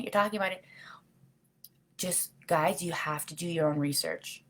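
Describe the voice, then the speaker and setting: Speaking at a moderate pace with frequent pauses, a middle-aged woman with a lowish voice hosts a relaxed live video. She answers viewer comments in a heartfelt, earnest, rambling way, leaning often on "you know."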